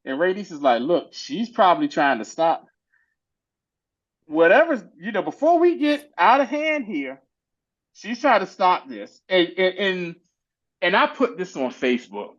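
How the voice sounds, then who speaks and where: Animated man recapping a show, lo-fi sound. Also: sits high. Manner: animated, slangy, acts out characters' lines in quick voices. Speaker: podcast co-host recapping a TV episode. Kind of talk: casual chat.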